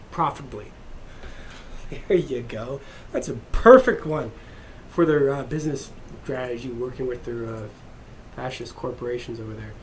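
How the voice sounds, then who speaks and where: A man's voice: medium pitch, slight background noise. A man ranting in a crude, heated, rambling monologue as a vlogger.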